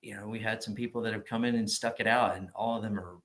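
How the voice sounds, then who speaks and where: A man, a gym owner telling loud, profane stories on a casual podcast. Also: lowish voice, steady tone, quick pace. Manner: loud, profane storyteller acting out quotes. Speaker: gym owner and powerlifting coach.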